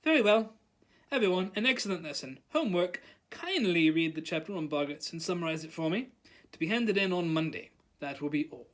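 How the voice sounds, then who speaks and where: A storytime reader voicing a kind, encouraging middle-aged male wizard teacher with a brisk, cheerful manner. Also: medium pitch, animated, fairly bright tone, close to an everyday voice.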